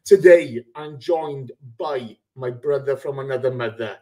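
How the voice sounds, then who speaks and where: A man's voice: medium pitch, a little slow, background noise. Guy hosting a footy podcast, chatty, gets emotional, swears a bit. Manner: emotional, loose, swears casually. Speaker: podcast host. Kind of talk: casual podcast chat.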